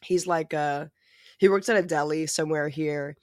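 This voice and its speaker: Podcast co-host, casual chat, animated and profane, joking, middle pitch, dry close sound. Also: moderate pace, no room sound. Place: lives in New York City.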